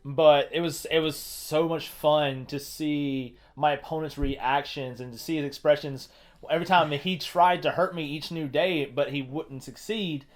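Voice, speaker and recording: A man's voice: fairly high pitch, steady tone, unhurried. Give me an enthusiastic man rambling happily. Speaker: co-host. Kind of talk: casual chat.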